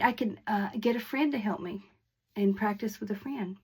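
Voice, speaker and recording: A woman's voice: medium pitch, moderate pace, breathy edge, low-quality recording. A woman hosting her own channel, giving a casual video lesson to camera in a friendly way, often restarting and repeating her words. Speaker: online teacher and channel host.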